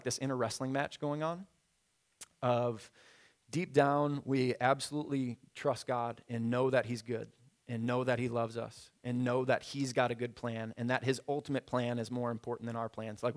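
A young man preaching a sermon as a pastor, in a casual conversational way with frequent fillers. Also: mid-range voice. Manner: conversational, many fillers, leads congregation in repeating a verse.

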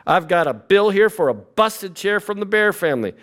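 A man's voice: high voice, big pitch swings, normal speed, fairly bright tone, voice pushed up. A man doing a nagging, exasperated mother. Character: exasperated scolding mother nagging her son. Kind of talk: comic impressions in a sermon.

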